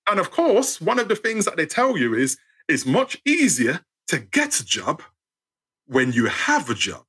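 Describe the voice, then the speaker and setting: A young British man telling a funny personal story as a guest, animated and acting out the people in his tale. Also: on the high side, measured pace, slightly rough. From United Kingdom.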